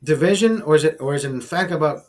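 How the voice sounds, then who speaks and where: A man's voice: a little high, racing, darkish tone. A man hosting a casual livestream, ranting in a heated, preachy way and swearing often. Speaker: livestream host. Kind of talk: casual talk to a live chat.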